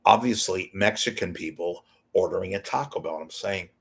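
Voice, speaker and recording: A man's voice: low-pitched, brisk, creaky, slightly rough. A man hosting his own show, rambling casually and profanely with wisecracks. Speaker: show host. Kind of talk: casual livestream monologue.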